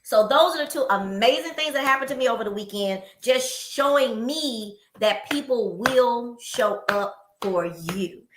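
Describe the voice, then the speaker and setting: A middle-aged woman co-hosting a podcast, chatting casually and telling stories with lively, acted-out quotes. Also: on the high side, unhurried, hardly any pauses, noisy background. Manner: animated storytelling, acting out quoted people. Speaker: podcast co-host. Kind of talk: casual chat. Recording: echoey room.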